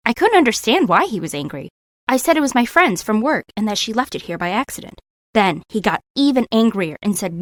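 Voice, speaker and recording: A woman's voice: a little high, sing-song, a little fast, dry recording, clean studio sound. A young woman narrating her own story in the first person, emotional and confiding.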